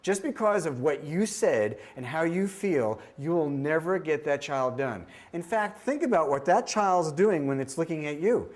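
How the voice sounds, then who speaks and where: A man's voice: a little high, moderate pace, few pauses. A middle-aged man giving a training talk on screening children's hearing, telling stories and acting out the children and the test beeps. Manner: animated storyteller, acts out child voices and beeps. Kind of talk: training presentation with demonstrations.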